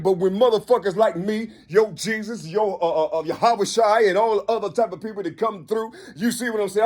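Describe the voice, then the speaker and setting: A husky man in his fifties with a fairly high voice, rambling through a spiritual monologue. He talks in loops, full of profanity and repeated asides, and climbs into sudden shouts before dropping low again. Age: 50s.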